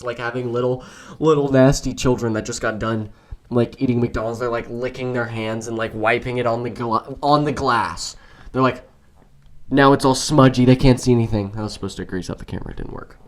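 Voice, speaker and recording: Male podcast host, solo rant, exasperated and rambling, mid-range voice. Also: mid-range voice. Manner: exasperated, rambling, with frequent restarts.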